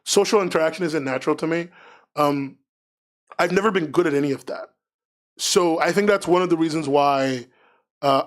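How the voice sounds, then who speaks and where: A man streaming live, chatting casually in a rambling, frank, self-mocking way. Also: a little high. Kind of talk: casual livestream chat.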